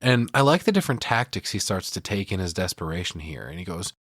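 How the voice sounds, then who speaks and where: Male podcast host, lowish pitch, dry close sound, swears freely, walks through scenes in detail. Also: big pitch swings, fast, few pauses, fairly bright tone, breathy edge, dry recording. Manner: profane, retells scenes with mimicked lines. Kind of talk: casual film breakdown chat.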